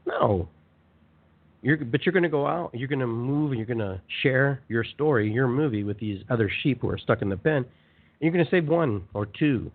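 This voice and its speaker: A man hosting a motivational spiritual talk show, speaking in an animated, conversational way and repeating phrases for emphasis. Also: medium pitch, normal speed. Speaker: radio show host. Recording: tinny phone-line sound.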